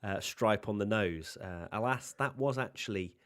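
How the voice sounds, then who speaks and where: A man's voice: lowish voice, moderate pace, fairly bright tone. A man co-hosting a live stream in casual chat, teasing and sarcastic. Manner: playful, teasing, sarcastic asides. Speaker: co-host of a live watchalong stream.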